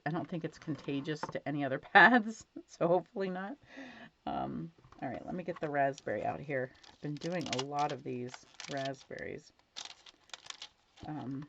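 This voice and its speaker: A woman's voice: sits low, a bit bright, a little hiss or hum. A woman teaching card stamping at her craft desk at home, chatting casually and gushing over how her cards turn out. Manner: chatty, gushing over results, many fillers. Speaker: stamping instructor. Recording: dull lo-fi home recording.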